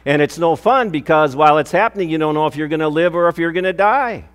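Older male pastor, earnest storytelling sermon, slightly high voice, long church reverb. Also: fast talker, clear, resonant tone, faint music behind. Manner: earnest storytelling preacher, rising with emphasis and dropping soft on key phrases.

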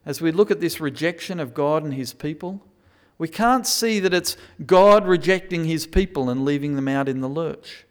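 A man preaching a sermon, moving between quiet reflection and loud, emphatic pleading. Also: a little high, normal speed, few pauses, smooth.

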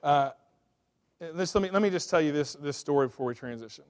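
A man in his thirties preaching a sermon as pastor, swinging between loud, urgent emphasis and quiet, confiding asides. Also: fairly high pitch, animated, fairly quick.

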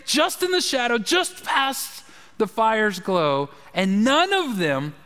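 A man preaching a sermon as a pastor, chatty and animated, asking the congregation questions. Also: high-pitched, slow pace, clean tone. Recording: long hall reverb.

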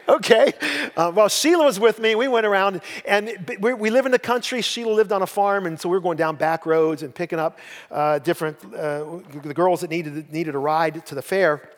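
An older pastor preaches, winding through homespun stories with a folksy, self-mocking humor. His voice sits high for a man. The sound rings with the long reverb of a large church hall. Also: brisk. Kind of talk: sermon with personal storytelling. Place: church sanctuary.

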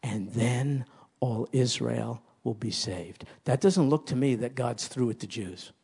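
A man's voice: medium pitch, unhurried, creaky, dark tone, breathy edge. A man preaching a sermon as pastor, emphatic and repeating key phrases for stress.

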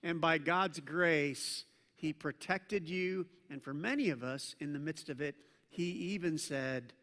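A male pastor preaching to a live congregation, with a bright, forceful voice pitched a little high. He talks like a conversation, teasing the room, then drops to a hush for emphasis. His words ring out with the long reverb of a church hall. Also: unhurried. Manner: swings between loud emphasis and hushed intensity. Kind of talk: sermon.

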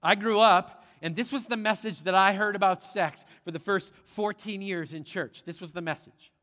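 A middle-aged man preaching a sermon as pastor, animated and conversational, often checking in with the congregation. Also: high voice, normal speed. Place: large church sanctuary. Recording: long church hall reverb.

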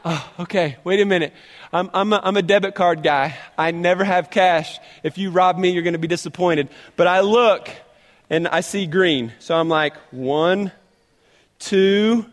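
A man preaching a sermon as an animated, humorous storyteller, recorded in a large church hall with long reverb. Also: high-pitched, moderate pace. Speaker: pastor.

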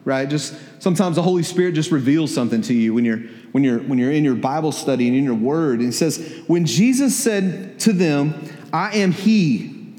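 A man preaches at a moderate pace in an echoey church hall, his voice on the high side and a little mellow. As pastor, he talks conversationally, repeats words, and asks the congregation questions.

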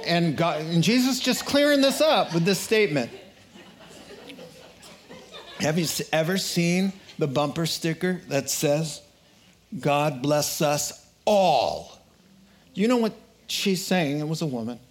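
A man preaching a sermon, telling a joke and acting out the characters in quotes with an animated delivery. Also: a little high, unhurried.

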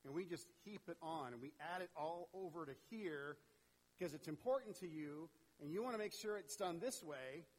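A man preaching a sermon in an animated, conversational way, talking straight to his congregation. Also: on the high side, moderate pace, poor audio. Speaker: pastor.

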